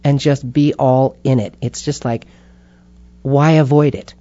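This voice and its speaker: Brief: expressive woman interviewee, dark mellow tone, slightly dull audio. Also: very deep voice, measured pace, no room sound. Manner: expressive, animated, acts out inner voices. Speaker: interview guest. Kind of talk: reflective conversational storytelling.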